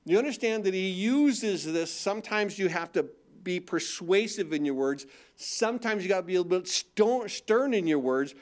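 A middle-aged male pastor delivers a sermon in a relaxed, conversational manner. His voice sits slightly higher than most men's, and he often asks rhetorical questions and repeats his words as he goes. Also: normal speed, hardly any pauses.

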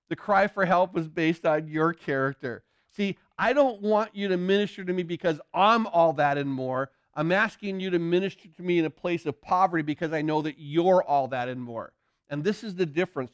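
A man preaching a sermon, earnest, often repeating words as he builds a point, and slowing down to read scripture aloud. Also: fairly high pitch, dry recording, clean studio sound. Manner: reads scripture slowly and deliberately. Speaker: pastor.

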